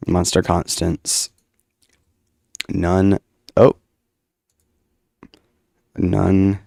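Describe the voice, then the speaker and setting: A man talks casually through debugging his game, tossing in jokes and the odd swear word. His voice sits low with a gravelly edge. The sound is dry and close, with no room echo. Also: level tone, extremely slow, a little mellow. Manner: casual, swears, jokey asides. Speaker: game developer. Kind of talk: casual commentary while coding.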